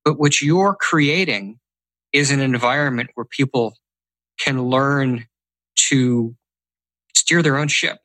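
Podcast host guy, bright voice, dry sound, enthusiastic, trips over his words a bit. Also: mid-range voice, slow pace, pauses often, dry recording, low-quality recording. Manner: enthusiastic, stumbles and restarts. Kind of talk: casual interview talk.

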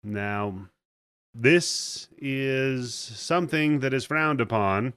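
A man hosting a podcast, casually retelling a movie plot in an animated way and swearing freely. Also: mid-range voice, extremely slow, clean tone, no echo, clean studio sound. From United States. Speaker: podcast host. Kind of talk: casual movie-review chat.

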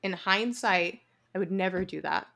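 A young woman co-hosts a podcast, speaking in a gravelly, medium-pitched voice at a moderate pace. In the casual chat she tells a story with lots of feeling, animated and emotional, laughing frequently.

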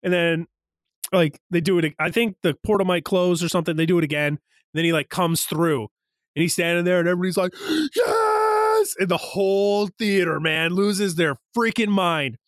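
Young male co-host, lively storyteller, lightly higher pitch, dry recording. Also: brisk, no echo. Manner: animated, acts out quoted lines. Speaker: podcast co-host. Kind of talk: casual movie recap chat.

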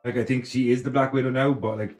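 A man's voice: mid-range voice, steady tone, quick pace, a little mellow. A man co-hosts a casual movie podcast in a roomy, echoing space. He talks emphatically, swears freely and leans on "like" and "you know". Faint music plays underneath. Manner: profane, emphatic, lots of fillers. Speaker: podcast co-host. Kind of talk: casual film review chat.

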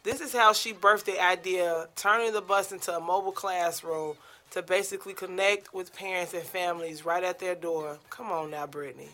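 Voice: mid-range voice, fairly even intonation, moderate pace, sharp tone. A host reading a news story aloud and breaking off now and then for playful, casual reactions.

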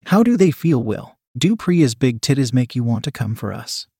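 A man's voice: medium pitch, big pitch swings, moderate pace, creaky, dark tone, husky, no echo, clean studio sound, exaggerated voice. A man voicing an eager young woman who takes charge, in a light, coaxing way, in a storybook reading.

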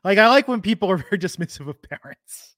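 A high-pitched man co-hosts a casual chat. He riffs with a joking, sarcastic edge. His voice sounds dry and close, with no room around it. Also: lively intonation, quick pace, a bit bright, dry recording. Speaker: podcast co-host.

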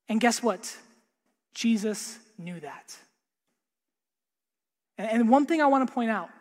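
A man preaching a sermon earnestly, repeating words and dropping to a hush for emphasis. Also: sits high. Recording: long hall reverb.

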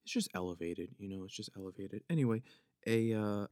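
Deep-voiced Philadelphia man, mushy consonants. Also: animated, fairly quick, a little mellow, no echo, clean studio sound. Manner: mushes consonants together, rambling and jokey. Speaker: podcast host. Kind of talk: casual solo podcast chat. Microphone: podcast microphone.

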